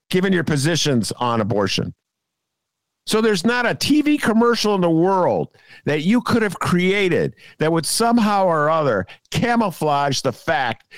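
A male podcast co-host giving sarcastic, scolding political commentary, jabbing at his target and dropping into low asides. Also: no room sound. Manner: sarcastic, scolding, swinging between loud jabs and low asides.

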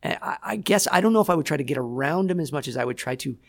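A man's voice: fairly high pitch, lively intonation, rapid-fire, gravelly. A man in his forties, a voice actor, chatting thoughtfully in an interview, often restarting his sentences as he searches for words. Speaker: voice actor guest. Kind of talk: casual interview chat.

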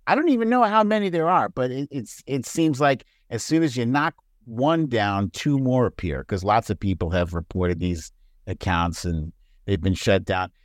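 A man chatting casually as a podcast guest, laughing often and jumping into high mocking voices. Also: expressive, moderate pace, no room sound, studio quality. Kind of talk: casual chat.

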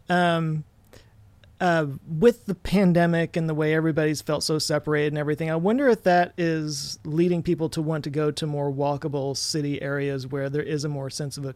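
A man with a fairly high voice hosts a casual interview. He speaks in an easygoing, hesitant way with frequent fillers. The sound is dry and close. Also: a little mellow, no echo. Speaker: podcast host.

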